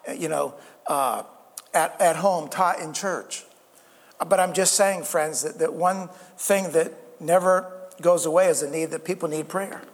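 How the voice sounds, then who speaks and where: A man's voice: on the high side, a little slow. A male pastor preaching a sermon in an earnest way, with stammered restarts and calls for an amen. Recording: reverberant church hall.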